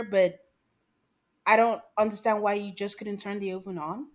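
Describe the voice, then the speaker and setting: A woman's voice: medium pitch, normal speed. A woman with a mid-range voice co-hosts a casual recap podcast. She talks emphatically and with conviction, pushing her opinion and urging her partner to see it her way. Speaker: podcast co-host.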